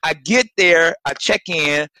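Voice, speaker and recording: A man who does stand-up comedy tells a story over a home video call. His voice sits high and sounds bright and forward, with a dry, close sound. He swears freely and acts out the people in his story. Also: slow pace, dry recording, low-quality recording. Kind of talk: casual storytelling chat.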